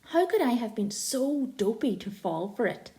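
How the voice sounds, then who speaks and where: A woman reads an audiobook in the first person. Her storytelling is lively, her pitch rising and falling freely. The tone is warm and mellow. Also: moderate pace. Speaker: audiobook narrator.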